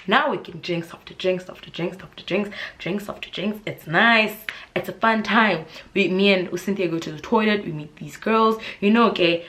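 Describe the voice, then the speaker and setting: A young South African YouTuber tells a storytime vlog in an animated, dramatic, casual way. She uses shrill high voices for the people she quotes and drops into hushed whispers for the suspenseful parts, with a little hiss or hum in the audio.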